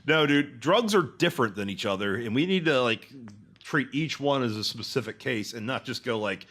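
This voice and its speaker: Male comedy podcast co-host, bright animated rambler, swears a lot. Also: medium pitch, moderate pace. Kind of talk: casual comedy podcast banter.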